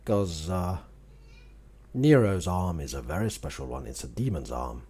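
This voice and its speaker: A man's voice: sits low, expressive, unhurried, warm tone, slightly rough. A man doing casual live gameplay commentary, chatty and greeting his viewers by name. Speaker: game streamer.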